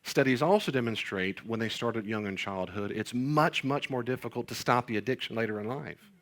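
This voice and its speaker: A man's voice: medium pitch, fairly quick, fairly bright tone. A middle-aged male pastor chatting casually about parenting, rambling through stories and jokes at his own expense. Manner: rambling storyteller, jokes self-deprecatingly. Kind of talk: casual podcast chat on parenting.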